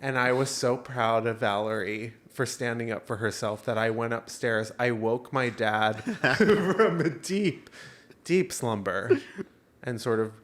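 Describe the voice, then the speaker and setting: A man's voice: medium pitch, a little slow. Chatty man telling a story. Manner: animated storyteller, many fillers and self-interruptions. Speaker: podcast co-host. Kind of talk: casual chat.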